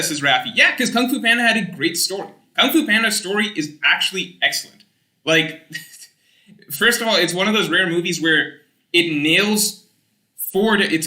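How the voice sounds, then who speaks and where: A young man streaming, reading chat aloud and rambling in casual, animated talk with some swearing. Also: fairly high pitch, echoey room.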